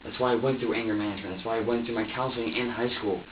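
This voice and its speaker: A man's voice: on the low side, fairly even intonation, racing, a little hiss or hum. Agitated young man, heard from across a room. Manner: agitated, profane, stammering restarts. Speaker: suspect being questioned by police. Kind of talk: emotional confession in an interrogation. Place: police interrogation room. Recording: distant, roomy, dull room recording.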